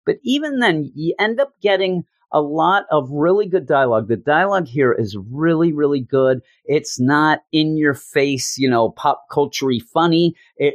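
Man, podcast host, rambling casual review, self-mocking, medium pitch, dry close mic. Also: dry recording.

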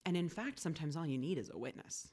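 A woman with a low voice talks thoughtfully in an unhurried conversation. She often tags her points with a quick "right?" to check in with the listener. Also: expressive, warm tone, husky. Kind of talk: conversational podcast chat.

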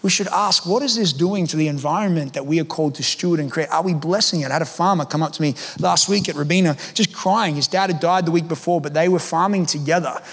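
A man preaching a sermon as pastor, with animated, emphatic delivery and conversational asides. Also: a little high, in a large hall.

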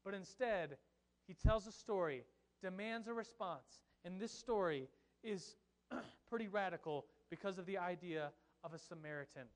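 A young man preaching a sermon as pastor, telling a Bible story in an animated, joking way with asides to his congregation. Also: high voice, moderate pace.

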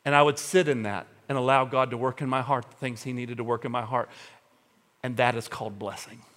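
A man preaching a sermon as a pastor, talking earnestly and swinging between hushed, confessional moments and fervent emphasis. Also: medium pitch, fairly even intonation, brisk.

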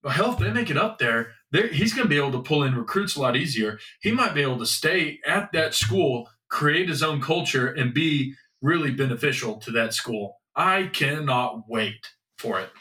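A man's voice: fairly high pitch, expressive, moderate pace, few pauses, bright, forceful tone. A man co-hosting a podcast in casual sports chat, loose and rambling, now and then swearing. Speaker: podcast co-host. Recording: echoey room, mic at a distance.

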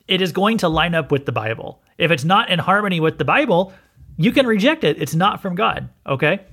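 A man delivers a relaxed, sermon-style Bible lesson, his voice sitting a little high. He talks to listeners directly and often stops to check they are following. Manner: conversational, frequent "okay?" check-ins. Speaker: pastor and podcast host.

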